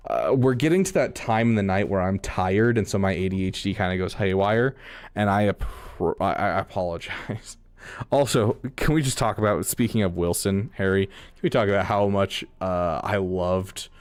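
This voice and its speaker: Rambling low-voiced male streamer. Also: moderate pace. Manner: rambling, restarts sentences, laughs often. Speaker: streamer reading chat. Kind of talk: casual live-stream chat.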